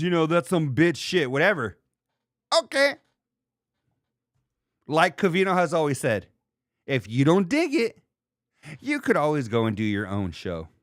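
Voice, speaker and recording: A man in his thirties hosting a podcast in casual chat, animated and profane, reading comments from a live chat. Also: high voice, no room sound, clean studio sound. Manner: animated, profane, laughs and mimics people. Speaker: podcast host.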